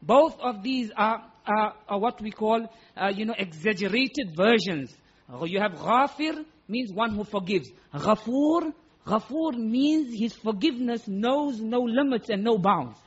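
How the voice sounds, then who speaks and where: High husky man giving a sermon. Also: animated, unhurried, highs cut off. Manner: emphatic, repeats words for stress, acts out quoted voices. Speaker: Islamic preacher. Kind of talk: sermon explaining Quranic Arabic.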